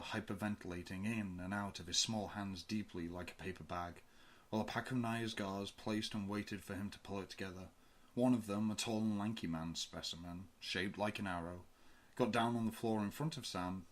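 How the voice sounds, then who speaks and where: A man narrating a fan audiobook with steady, measured storytelling. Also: fairly low pitch. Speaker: audiobook reader.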